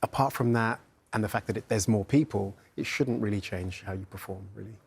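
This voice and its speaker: A man with a fairly low voice chats easily as an interview guest. He pauses on fillers now and then and keeps a relaxed, friendly flow. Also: vocal fry, husky. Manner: relaxed, chatty, frequent fillers and laughs. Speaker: actor guest. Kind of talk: interview chat.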